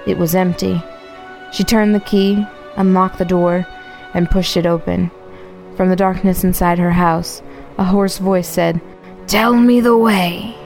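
A woman's voice: on the low side, flat delivery, unhurried, vocal fry, darkish tone, faint music behind. A woman narrating a scary story on a comedy podcast, with a sarcastic turn at the end. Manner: spooky storyteller turning sarcastic.

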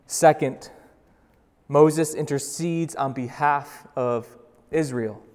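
Young male pastor, sermon; casual and dynamic, loud then soft, in an echoing sanctuary. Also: fairly high pitch. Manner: swings from loud urgent bursts to slow hushed emphasis; conversational, with fillers and restarts. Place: church sanctuary. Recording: long reverb of a large hall.

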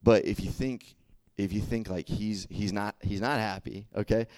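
A young man preaches in an easy, conversational way, acting out the back-and-forth of stories and checking in with "right?" after his points. His voice sits low and deep. The sound is dry and close, with no room echo. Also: moderate pace. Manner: animated storytelling, acts out dialogue, frequent "right?" and "okay?". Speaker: youth preacher. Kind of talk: casual sermon.

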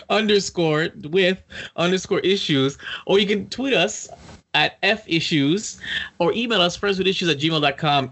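A man's voice: fairly high pitch, a bit bright, slightly rough. A man hosting a podcast over a call, chatting casually and jokingly with frequent restarts. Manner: rambling, joking, many restarts. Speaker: podcast host. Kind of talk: casual chat. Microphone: video call setup.

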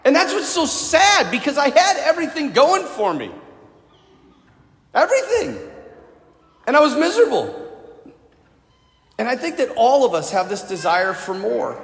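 A man's voice: very high voice, sing-song, normal speed, vocal fry, pauses often, fairly bright tone. A male priest preaching a sermon, sharing a personal story and asking the congregation direct questions. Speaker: Catholic priest. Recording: echoey hall with long reverb.

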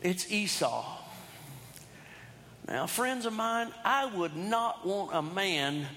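Lively high-voiced preacher man. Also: slow pace, in a large hall, slight background noise. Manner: folksy humorous storytelling with asides to the congregation. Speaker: pastor. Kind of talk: sermon.

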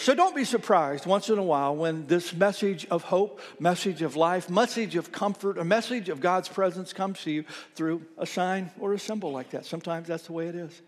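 High-voiced pastor preaching in a reverberant hall. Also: male voice, moderate pace, hardly any pauses. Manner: storytelling, quoting others in lively retellings, dropping to soft near-whispers. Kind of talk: sermon. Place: church sanctuary. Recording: long reverb in a church hall.

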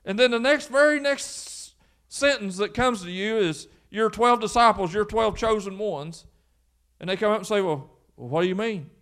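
High-voiced pastor preaching. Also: male voice, normal speed, fairly bright tone. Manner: emphatic preaching, rhetorical questions. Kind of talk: sermon.

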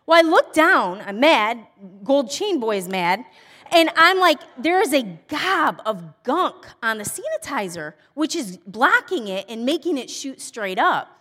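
A woman telling a funny personal story in a casual, exasperated, animated way. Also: sits high, unhurried. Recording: long hall reverb.

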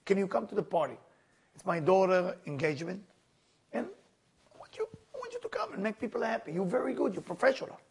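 A man voicing a wealthy male patron in a story, coaxing and persuasive, in a gravelly high voice. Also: very animated, fast talker, slight background noise.

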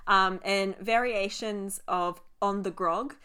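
A woman's voice: medium pitch, steady tone, slow pace, pushed and bright, clean tone. An Australian woman co-hosting a podcast in casual chat, laughing often and swearing freely. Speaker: podcast co-host.

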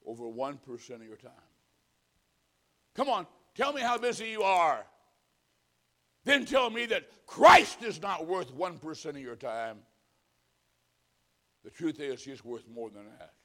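A man preaching a sermon, telling folksy stories and swinging from loud punchlines to hushed pleading. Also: a little high, big pitch swings, unhurried, long pauses. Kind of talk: humorous sermon.

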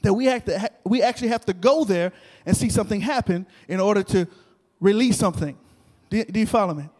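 Male preacher, high voice, animated storytelling sermon in a church hall with a long echo. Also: a little fast. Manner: animated, repetitive, talks to the crowd. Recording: long reverb of a large hall.

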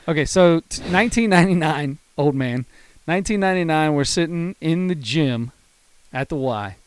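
A man in his thirties co-hosting a podcast, launching into a long story with a slightly higher, lively voice. He talks in a casual, rambling way and leans into the funny parts. The sound is close and dry, with no room echo. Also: normal speed, clean tone. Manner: animated storyteller, laughs hard at his own story. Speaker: podcast co-host.

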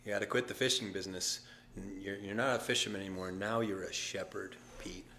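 A man voicing Jesus as a gentle but firm male teacher, speaking low, soft and earnest. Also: steady tone, brisk, a little hiss or hum.

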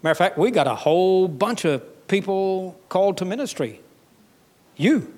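Emphatic pastor with a Southern US lilt. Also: male voice, sits high, expressive, normal speed. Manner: emphatic, folksy, rising to loud passages. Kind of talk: sermon.

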